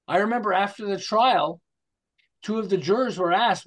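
An older man with a fairly high voice for a man, speaking as a podcast guest. He talks in lively stories, slips into the voices of the people he quotes, and keeps tossing in "okay?" to check his listener is following. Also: normal speed. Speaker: marketing guest. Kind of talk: storytelling interview talk.

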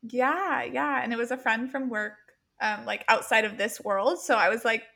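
A woman's voice: fairly high pitch, steady tone, normal speed, gravelly, bright, forceful tone. A woman mindset coach as a podcast guest, talking in an earnest, reflective casual chat with many ums and likes.

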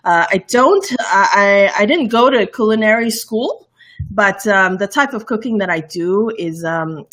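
A chatty woman from Borneo in her thirties, with a light Bornean lilt mixed with bits of other English accents. She talks in a loose, rambling way, restarting sentences and laughing often. Her voice sits at a middle pitch for a woman. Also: lively intonation, unhurried, a bit bright. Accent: light Bornean lilt with mixed international English. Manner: chatty and giggly, many fillers and restarts. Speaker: livestream cooking show host, guest. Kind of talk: casual interview chat.

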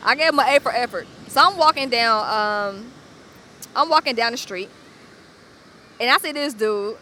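A young Atlanta woman hosts a podcast in a casual monologue, speaking bluntly and full of slang. Her Southern accent rides on a bright, fairly high voice. She tells her stories candidly and with animation. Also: normal speed, slight background noise. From Atlanta, USA. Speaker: podcast host.

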